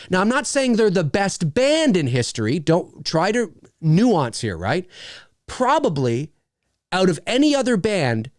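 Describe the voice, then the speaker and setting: A Canadian man hosts a casual livestream, rambling enthusiastically and swearing freely while reading out viewer messages. His voice is fairly high, and the recording is dry with studio quality.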